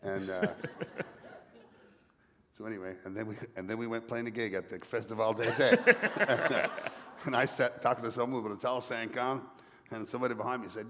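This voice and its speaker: A man's voice: mid-range voice, expressive, moderate pace, bright, forceful tone, in a large hall, slight background noise. A man from Newfoundland, Canada, with a Newfoundland accent, telling a playful story on stage as an author guest at a library event.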